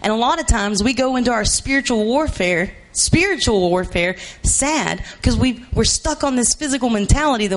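A man preaching a sermon, emphatic and repetitive, rising to shouts for emphasis. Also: extremely high pitch, animated, moderate pace, few pauses.

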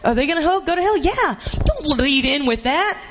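A woman preacher delivers a sermon with repeated, hammering phrases. She often climbs to a near shout to press home her points. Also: high voice, lively intonation, normal speed, a little hiss or hum. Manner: emphatic and repetitive, rising to shouts.

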